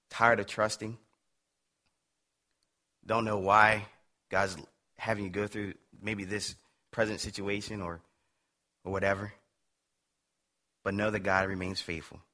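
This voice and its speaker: A man preaching a sermon, emphatic at times and dropping quiet at others, telling a story to make his point. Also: lowish voice.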